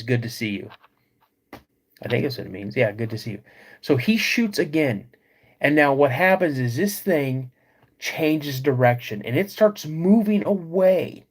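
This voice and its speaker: A man hosting a live podcast, retelling a creepy encounter slowly with dramatic pauses. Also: medium pitch. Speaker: podcast host.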